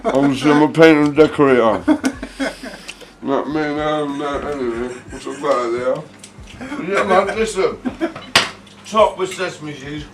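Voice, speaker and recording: A man's voice: fairly high pitch, a little slow, pauses often, far from the mic. A slightly tipsy man, rambling loosely and swearing as he banters about the food. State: slightly intoxicated. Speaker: guest taste-tester. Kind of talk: casual banter. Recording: echoey room, off-mic, noisy.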